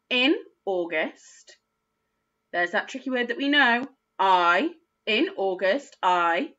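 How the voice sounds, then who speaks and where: Slow, bright-voiced phonics teacher. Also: female voice, on the high side, animated. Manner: slow, sounding out words letter by letter. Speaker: primary school teacher. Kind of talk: phonics lesson for young children. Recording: dull lo-fi sound.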